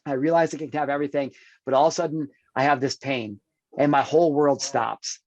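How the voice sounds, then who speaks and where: A man's voice: a little high, steady tone, a little fast, darkish tone, dry recording. A man in his thirties, a podcast guest, telling a personal story with intensity, often addressing the host with "dude" and "check this out". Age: 30s.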